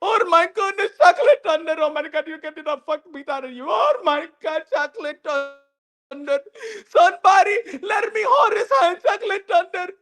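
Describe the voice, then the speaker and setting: A woman's voice: very high voice, moderate pace, a bit bright, pitched above the performer's own voice. A woman voicing a hysterical woman at ringside who sobs, shrieks and begs for the fight to be stopped. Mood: hysterical, pleading. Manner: shrieking, crying, pleading, profane.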